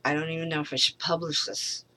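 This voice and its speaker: A middle-aged woman in a rambling personal monologue, frustrated, halting, swearing freely and trailing off. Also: sits low, little pitch movement, pushed and bright, a little hiss or hum. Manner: halting, with many pauses and fillers. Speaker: vlogger.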